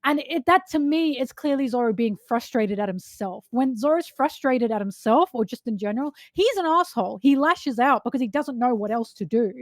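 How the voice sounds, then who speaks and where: A woman co-host talking in a fairly high, lively voice. She makes her points emphatically and laughs often. Her recording is dry and close. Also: normal speed, few pauses, no echo. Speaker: podcast co-host. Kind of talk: casual fan chat.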